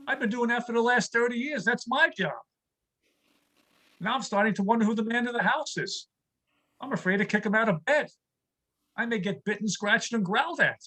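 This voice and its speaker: A man in his sixties from New York, telling wry, rapid-fire one-liners in a stand-up comedy set on a stage mic. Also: high voice, a bit bright, rough recording. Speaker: stand-up comic.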